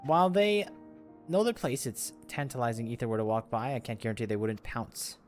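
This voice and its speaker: A man reading the lines of a stern voidsent lord who rules over its domain, in a measured, commanding, slightly hushed voice, with faint game music behind. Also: medium pitch, sing-song, close to an everyday voice. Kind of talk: reading game dialogue aloud.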